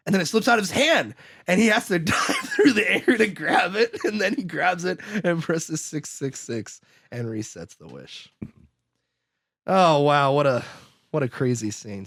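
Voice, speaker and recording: Man, podcast co-host, lively up-and-down voice, dry close mic, keeps laughing and doing character lines. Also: on the high side, no echo. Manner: animated, laughs, acts out characters. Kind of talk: casual movie recap chat.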